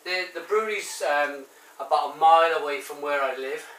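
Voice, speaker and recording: A man's voice: fairly high pitch, moderate pace, pushed and bright, recorded from a distance. A man with a Barry Welsh accent, reviewing a bottled beer in a chatty, rambling way full of ums and restarts. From Wales. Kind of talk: casual review to camera. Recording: echoey room, voice off-mic.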